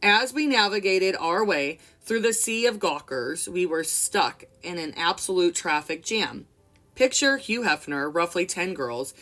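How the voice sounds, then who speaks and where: Young woman reader, lower pitch, expressive memoir narration with chatty commentary. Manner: expressive reading, casual asides. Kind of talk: reading a memoir aloud with commentary.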